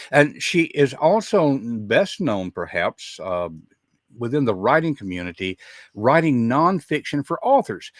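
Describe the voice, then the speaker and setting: A man's voice: medium pitch, no room sound, clean studio sound. A man with a Southern American accent, hosting a live show, chatting in a folksy way with a lot of "uh" fillers. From Southern United States. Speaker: podcast host.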